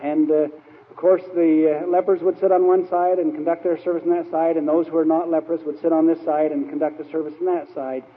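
A man's voice: a little high, level tone, a little fast. A man telling stories in a sermon, rambling and anecdotal with frequent fillers. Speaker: church speaker. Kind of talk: storytelling sermon. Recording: tinny, echoey old hall recording.

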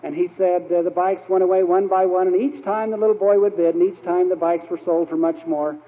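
A man's voice: sits high, fairly even intonation, fairly quick. A man telling stories in a sermon, rambling and anecdotal with frequent fillers. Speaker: church speaker. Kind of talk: storytelling sermon. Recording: tinny, echoey old hall recording.

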